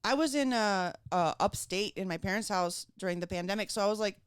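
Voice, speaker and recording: A woman from Venezuela, a podcast guest, telling a funny story in a lively voice, acting out every quote. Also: medium pitch, a little fast, smooth, dry recording, studio quality. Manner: animated, acts out quotes with swearing and laughs. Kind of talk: casual comedic storytelling.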